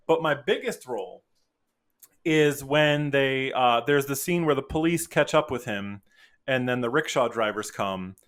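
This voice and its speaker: Speaking unhurriedly at a medium pitch, this man is a podcast guest recounting a story in relaxed chat. He's animated and performs the voices he quotes.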